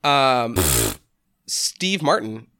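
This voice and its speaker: A man's voice: mid-range voice, lively intonation, drawn-out words, sharp tone, clean tone, no echo, studio quality. A young man hosting a podcast, bantering in a playful, joking way, swearing freely and laughing often. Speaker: podcast host. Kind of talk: casual comedic banter.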